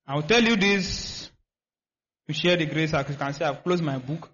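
Guy preaching, high voice, keeps repeating, gets the crowd to fill in words, muffled recording. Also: expressive, moderate pace, a bit bright. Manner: repetitive, asks the congregation to finish his lines. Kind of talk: sermon. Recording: dull lo-fi recording.

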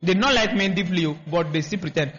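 A man's voice: high-pitched, quick pace, fairly bright tone. A man preaching a sermon, repeating himself and asking the congregation to finish his lines. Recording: dull lo-fi recording.

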